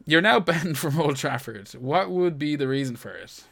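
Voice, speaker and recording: A man's voice: a little high, lively intonation, moderate pace, gravelly, a bit bright. A man co-hosting a casual podcast chat, reading out listener questions, joking and swearing freely. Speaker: podcast co-host.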